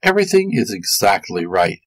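A man's voice: on the low side, very animated, fairly quick, no room sound. A man voicing a greedy, menacing old witch who threatens to eat children, in a storybook reading. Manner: threatening, gloating.

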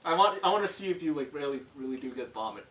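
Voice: mid-range voice, lively intonation, quick pace, a bit bright. A chatty, teasing co-host in a casual chat while tasting candy. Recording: echoey room from far off.

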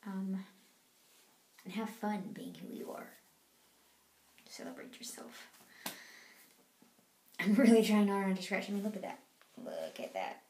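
A woman's voice: mid-range voice, fairly even intonation, moderate pace, vocal fry, warm tone. Laid-back woman vlogging in a roomy room. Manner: laid-back, rambling, laughs often. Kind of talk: casual late-night vlog chat. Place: dark room at home. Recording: roomy home room, faint noise.

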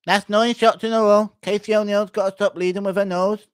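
A man voicing an excited young male fighter who talks in a high, shouty voice. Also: fairly quick, clear, resonant tone, lightly acted.

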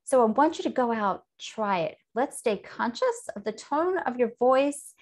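A woman's voice: fairly high pitch, expressive, a little slow, a little mellow. A woman hosting a show, explaining a tip to camera in an earnest, instructive way. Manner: earnest, explanatory, demonstrates tones of voice. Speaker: host.

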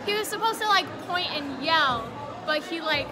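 A woman's voice: extremely high pitch, animated, moderate pace, a loud crowd. A woman chatting casually with a friend, wryly recounting a moment. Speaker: vlogger's friend. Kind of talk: casual chat. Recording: crowded hall with loud music.

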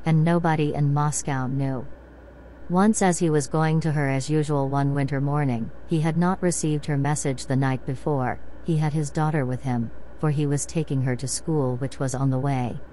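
Low-voiced woman reading a bedtime story. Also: dark tone, slight background noise, low-quality recording. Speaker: narrator.

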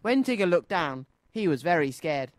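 A man presenting a children's radio show, reading a storybook aloud in an expressive, sing-song way. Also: a little high, moderate pace, no echo.

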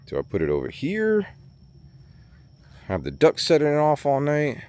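A man vlogging outdoors on a small farm, chatty and worried, thinking out loud as he walks around. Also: fairly high pitch, huge pitch swings, moderate pace, clean tone. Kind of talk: casual vlog commentary.

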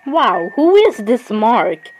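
A high-voiced woman chats casually over a game in a rambling, talkative way, leaning heavily on "literally." Faint music plays behind her. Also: big pitch swings, slow, husky, rough recording. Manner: chatty, says "literally" constantly. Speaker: gaming video creator.

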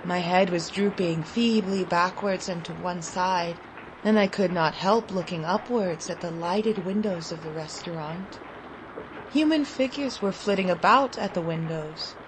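A woman reading a literary short story aloud in an expressive, dramatic storytelling manner. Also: fairly low pitch, measured pace, background noise. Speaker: story reader.

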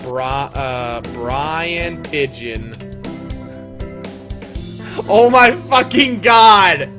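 A man's voice: fairly high pitch, animated, very slow, music in the background. A man streaming a game, making casual, profane, joking asides. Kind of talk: let's-play commentary.

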